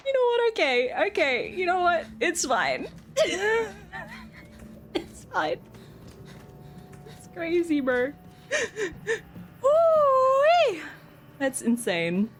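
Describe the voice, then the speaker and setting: A young woman streaming a game, giggling often and swearing loudly between her comments. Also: extremely high pitch, very animated, slow, long pauses, soft background music. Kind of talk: casual gameplay commentary.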